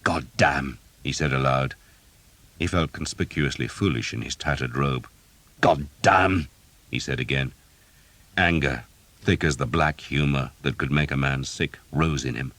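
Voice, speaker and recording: A man reading an audiobook, in steady, measured scripted narration. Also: a bass voice.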